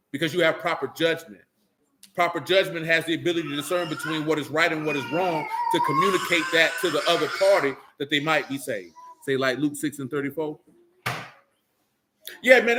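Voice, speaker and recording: A man with an African American Vernacular English accent gives a sermon-style Bible lesson, high and bright in pitch. He talks in street vernacular and keeps firing off rhetorical questions. Faint background noise sits under the voice. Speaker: teacher.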